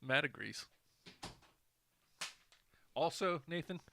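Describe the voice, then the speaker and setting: A playful man co-hosting a chat podcast, firing off quick teasing questions. His voice is very bright and forceful. His pitch moves up and down lively. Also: gravelly, slight background noise. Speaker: podcast co-host. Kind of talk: casual chat.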